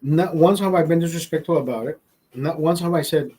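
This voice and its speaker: A man tells a story in a casual, profane way, his voice sitting a bit higher than most men's. He jumps into the voices of the people he quotes as he goes. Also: fairly quick, slightly rough, poor audio. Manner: profane, animated, acts out quotes. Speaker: host.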